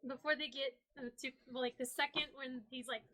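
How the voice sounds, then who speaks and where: A woman at a tabletop game table explains her character's actions casually. Her voice is high and bright. She fills her speech with likes and restarts. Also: steady tone, brisk. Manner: casual, filler-laden. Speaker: player.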